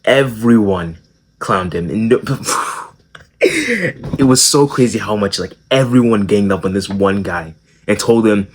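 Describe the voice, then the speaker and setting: A man's voice: on the low side, sing-song, takes it slowly, husky. A young man hosting a casual social skills video. He tells the story in a joking, profane way, with plenty of slang and self-corrections.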